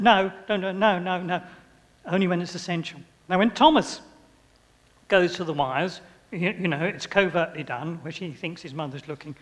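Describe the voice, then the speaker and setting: An older man delivers a sermon in a voice that sits high for a man, telling homely stories, chuckling, and acting out little scenes. A long church-hall echo rings after his words.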